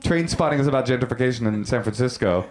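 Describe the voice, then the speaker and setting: A man's voice: medium pitch, lively intonation, fast talker, darkish tone. A man in casual comedic podcast chat, rambling and laughing as he talks. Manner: rambling, self-interrupting, laughing.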